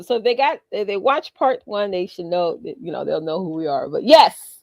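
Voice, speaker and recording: An upbeat woman co-hosts a casual business talk show, chatty and quick to laugh. Her voice sits a little low and sounds dry and close to the mic. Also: lively intonation, creaky, darkish tone, dry recording. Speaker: co-host.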